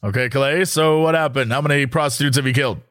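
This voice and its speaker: A man's voice: medium pitch, fast talker, a bit bright, voice pushed down, natural voice. A man reading the lines of a brash, middle-aged male radio shock jock who fires off blunt, probing questions. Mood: prying.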